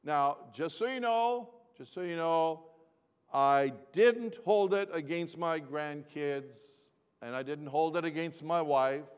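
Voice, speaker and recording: Older guy, fairly high voice, tells a funny story to the room, repeats himself, gets them to answer back. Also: slow pace, clean tone. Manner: repeats phrases, asks the audience to respond. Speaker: speaker telling a story to a gathering. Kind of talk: humorous personal story told to an audience. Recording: long reverb of a large hall.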